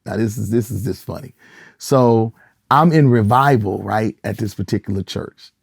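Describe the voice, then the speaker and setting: A middle-aged gospel singer and pastor from Michigan tells stories in a relaxed interview, with a gravelly edge to his voice. He gets animated and acts out the people he quotes. The recording is close and dry, with no room sound. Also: lowish voice, moderate pace, no room sound. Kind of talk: casual interview storytelling.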